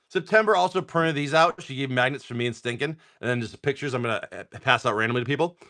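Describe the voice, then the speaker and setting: On a live stream, a young adult man with a mid-range voice that sounds pushed and bright tears open card packs. He jokes and rambles in a casual way, listing the card names aloud in rapid bursts.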